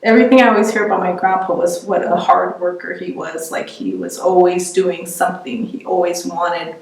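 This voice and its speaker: A middle-aged woman giving an oral history interview, reflective and halting, often restarting her sentences. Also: fairly low pitch, fairly even intonation, vocal fry. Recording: roomy, distant mic.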